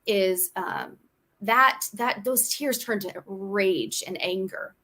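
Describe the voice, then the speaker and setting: A woman guest, a homeschool mom and author, telling her story candidly in an interview, animated and full of restarts. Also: mid-range voice, slow.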